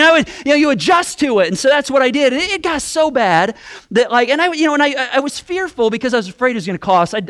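A man preaching a sermon, telling a self-deprecating story in an animated way, with many restarts. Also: extremely high pitch. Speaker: pastor.

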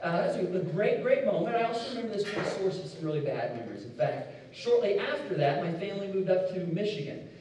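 A middle-aged man from Indiana, preaching a sermon with animated storytelling and repeated words. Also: high-pitched, fast talker, few pauses, a little hiss or hum. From Indiana, USA. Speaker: pastor. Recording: echoey hall, distant mic.

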